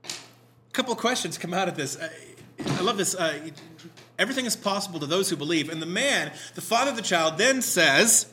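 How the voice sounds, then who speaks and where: A man leading a prayer, reading scripture aloud and preaching in a conversational, animated way with self-deprecating asides. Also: sits high, brisk, a little hiss or hum. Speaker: pastor.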